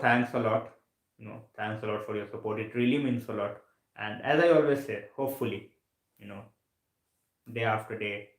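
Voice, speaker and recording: It's late, and a drowsy man hosts a live stream from his home room, yawning as he chats loosely. He leans on filler words and says things over again; his medium-pitched voice sounds roomy, and the recording is rough.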